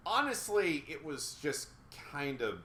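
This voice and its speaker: A man rants through a casual review podcast in a high, bright, forceful voice. He is sarcastic and exasperated and swears freely, and the room around him echoes noticeably. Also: very animated, unhurried, slight background noise. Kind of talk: casual ranting review chat.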